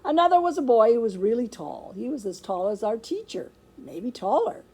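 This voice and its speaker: Woman, storybook read-aloud, expressive, animated pitch, breathy voice. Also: normal speed, rough recording. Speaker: storybook reader. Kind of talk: children's book read-aloud.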